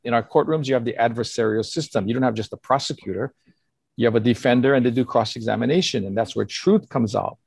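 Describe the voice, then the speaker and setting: An older man talks as a pastor giving counsel, earnest and animated, slipping into acted-out quotes. His voice is gravelly and a bit husky, and it sounds dry and close to the mic. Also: mid-range voice, fast talker, dry recording. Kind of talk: casual conversational counsel.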